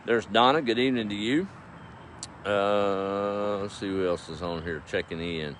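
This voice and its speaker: Deep-voiced folksy man. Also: a little hiss or hum. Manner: folksy, warm greetings to viewers, drawling slow. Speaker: host reading live viewer comments. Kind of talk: casual live-stream chat.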